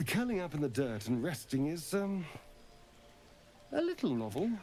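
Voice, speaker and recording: An actor playing an arch male elf companion in a video game, with selective, drawn-out enunciation that leans hard on certain words. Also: on the high side, wildly swooping pitch, dark tone. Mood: silky.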